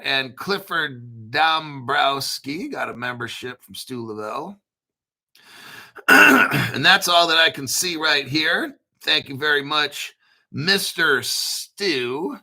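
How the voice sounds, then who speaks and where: Reading an article aloud for his crypto channel, a middle-aged host uses an unhurried, stretched-out delivery and a high voice that's sharp and bright. He's excitable and profane, repeatedly interrupting the casual solo commentary with jokes and responding to himself.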